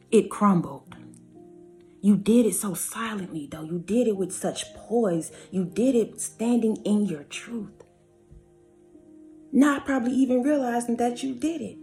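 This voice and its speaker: Woman, emphatic preachy delivery, mellow voice, soft music underneath. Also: medium pitch. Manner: emphatic, preachy, drawn-out phrases. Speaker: spiritual reading host. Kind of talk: spiritual reading commentary over song lyrics.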